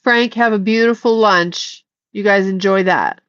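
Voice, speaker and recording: A woman's voice: medium pitch, measured pace, no room sound. A woman hosting a casual livestream, reading chat aloud and scolding a viewer in a blunt way, swearing freely. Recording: slightly dull lo-fi audio.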